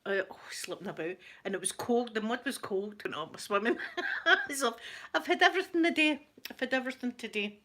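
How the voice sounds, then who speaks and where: A woman's voice: on the high side, animated, fairly quick, a bit bright. A Scottish woman chatting casually to her viewers at home through a laptop, self-mocking and laughing often. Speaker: ASMR vlogger.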